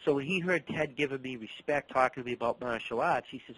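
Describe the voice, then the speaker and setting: Man, middle-aged, from the Boston area, martial arts instructor, animated storyteller, medium pitch. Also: fast talker, breathy edge, rough recording. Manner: animated storyteller, acts out dialogue, repeats words. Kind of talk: storytelling interview.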